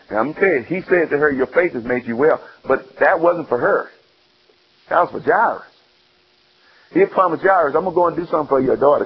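A man preaching with a gravelly, husky voice, his pitch sitting a little high. He tells the story animatedly, acting out the scenes and firing questions at his listeners. The sound is muffled, like an old radio broadcast. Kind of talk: sermon.

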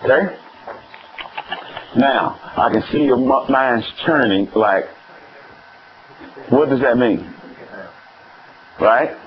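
A man preaching a sermon, asking the congregation questions and swinging between high exclamations and low emphatic words. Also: slow pace, pauses often. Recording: dull lo-fi recording with faint noise.

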